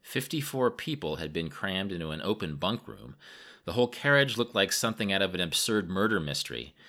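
A man's voice: sits low, big pitch swings, fairly quick, bright, forceful tone. A man from the United States narrating a travel memoir in a wry, self-mocking way.

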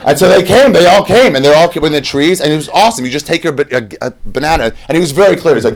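A man's voice: mid-range voice, big pitch swings, fast talker, hardly any pauses. Crude, sarcastic male stand-up comic. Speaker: stand-up comedian. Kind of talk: stand-up storytelling.

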